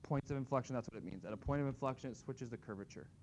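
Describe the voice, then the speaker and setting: A man's voice: medium pitch, racing, darkish tone, dull audio, a little hiss or hum. Casual man teaching a math class. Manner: casual, thinking aloud while graphing. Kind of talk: classroom lecture.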